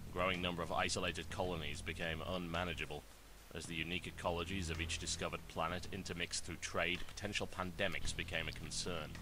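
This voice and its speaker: Deep-voiced male game narrator, formal. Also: background noise. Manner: formal, measured storytelling delivery.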